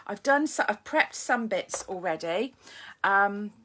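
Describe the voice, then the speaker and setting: A woman hosting a live papercraft demonstration from her home craft desk, chatty and eager, greeting viewers by name and filling pauses with ums and restarts, recorded on a streaming camera. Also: medium pitch, expressive, pushed and bright. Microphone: phone or camera streaming live.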